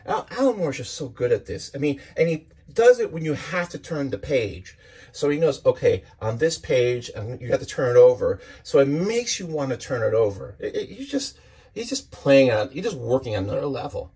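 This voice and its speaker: A man's voice: mid-range voice, very animated, moderate pace, a little mellow, slightly rough. A man casually walking through a comic book issue page by page, enthusiastic and rambling, often restarting his sentences.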